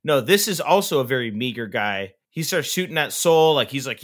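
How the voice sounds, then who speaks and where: Lively bright-voiced man chatting. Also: mid-range voice, brisk. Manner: animated, laughing, acts out quotes in raised voices. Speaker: podcast co-host. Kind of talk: casual chat.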